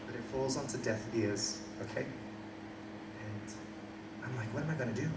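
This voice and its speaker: A man's voice: medium pitch, normal speed, very noisy. A young man with an Australian accent performing a stand-up comedy set, telling a story with crowd work. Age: young adult. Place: small coffee shop venue, indoors. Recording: roomy, distant live room recording. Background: room ambience and audience laughter.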